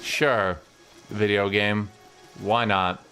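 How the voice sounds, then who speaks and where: A man's voice: lowish voice, steady tone, very slow, sharp tone, soft background music. A man giving casual gameplay commentary, full of incredulous, mocking asides. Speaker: gaming streamer.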